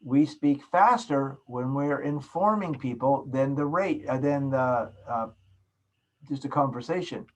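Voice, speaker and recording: A man from Canada with a mid-range voice gives a recorded class lecture at a measured pace, heard on poor audio. He speaks emphatically, stressing and repeating key words, and demonstrates speaking softly and loudly.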